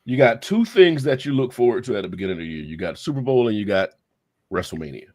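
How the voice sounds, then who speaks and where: A man talking casually on a podcast, thinking out loud and cursing freely. His pitch moves a lot, rising and falling with what he says. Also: very animated, quick pace. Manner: casual, swears freely, muses aloud. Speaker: podcast co-host. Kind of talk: casual chat.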